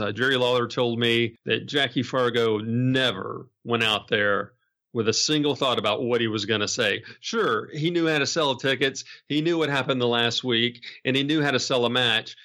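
Brief: male podcast host, mid-pitched voice, lively storyteller on wrestling history. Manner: enthusiastic storytelling.

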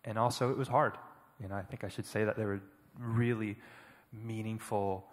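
A man giving an earnest, reflective personal testimony as a panel speaker at church, often pausing and halting. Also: lowish voice, steady tone, in a large hall. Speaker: panel speaker, foster parent.

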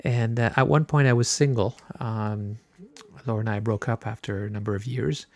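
A middle-aged man hosting a podcast, telling a personal story in a relaxed, chatty way with many filler words. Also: on the low side, moderate pace. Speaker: podcast host.

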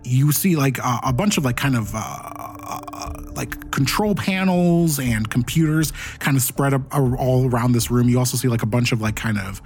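A man's voice: medium pitch, expressive, moderate pace, hardly any pauses. A man running a tabletop game as game master, narrating scenes loosely with many fillers.

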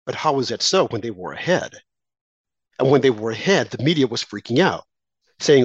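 This mid-range voice, animated and a touch breathy, moves fairly quickly through an impassioned political monologue. The commentator hammers repeated phrases, throws out rhetorical questions, and ridicules opponents by quoting them, all on a slightly dull lo-fi track with no room sound.

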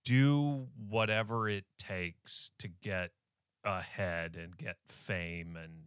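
A man's voice: low voice, slow pace, fairly bright tone, clean tone, dry recording, studio quality. A man co-hosting a podcast, chatting loosely about a film with friends, laughing easily. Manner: laid-back, laughing, loose. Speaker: podcast co-host. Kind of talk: casual film discussion.

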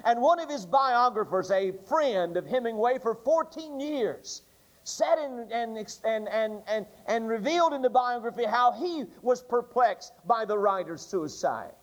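Brief: male preacher, unusually high voice, repeating cadence, muffled old church recording. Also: animated, unhurried. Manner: repetitive, rhythmic preaching cadence. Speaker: Baptist preacher. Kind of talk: Sunday morning sermon. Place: church sanctuary. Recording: dull lo-fi archive church tape.

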